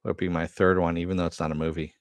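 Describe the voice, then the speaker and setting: A man's voice: low voice, little pitch movement, quick pace, no room sound, studio quality. A man hosting a casual live-stream chat, answering viewers and swearing now and then. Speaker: host.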